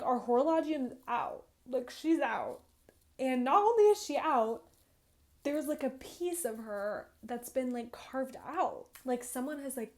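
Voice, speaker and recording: A woman's voice: sits high, darkish tone. A woman in her twenties, chatty, retelling a visual novel's story and filling her speech with "like". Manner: chatty, peppered with "like", acts out lines. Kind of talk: casual game recap vlog.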